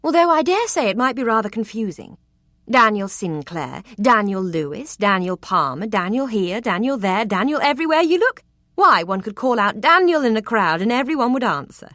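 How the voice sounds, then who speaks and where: A coquettish young lady of the Regency era teases with arch playfulness, as a woman reads her. The voice sits at a middling pitch and sounds dry and close, with no room around it. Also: very animated, normal speed, no room sound. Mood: teasing.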